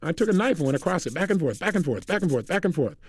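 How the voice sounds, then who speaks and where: A self-help coach speaking to the listener in an energetic, direct recorded lecture. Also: male voice, a little high, racing, breathy edge.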